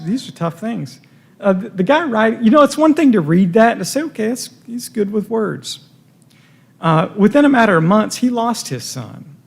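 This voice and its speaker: A man's voice: sits high, vocal fry. A man preaching a sermon in a church, earnest, stumbling over repeated words, his voice rising and falling with feeling. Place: church sanctuary.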